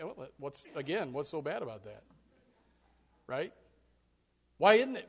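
Male pastor with a high voice, emphatic sermon delivery, word repetition, big swings from hushed to loud. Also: sing-song, measured pace, long pauses, slightly rough. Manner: emphatic preaching, repeats key words, stumbles on restarts.

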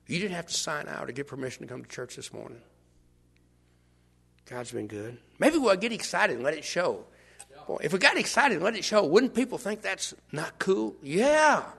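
An older man preaching a sermon, shifting from hushed asides to shouts as he acts out scenes. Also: sits high, normal speed, vocal fry, husky. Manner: animated, swings from hushed to shouting, acts out bystanders.

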